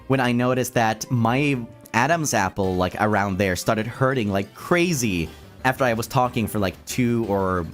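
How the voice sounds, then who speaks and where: Chatty male streamer with lively pitch. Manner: chatty, reading chat aloud, laughs often. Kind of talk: casual chat while gaming.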